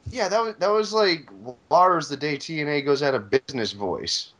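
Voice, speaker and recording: A man's voice: on the high side, lively intonation, normal speed, fairly bright tone. A man hosting a casual podcast, joking around and laughing often. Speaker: podcast host.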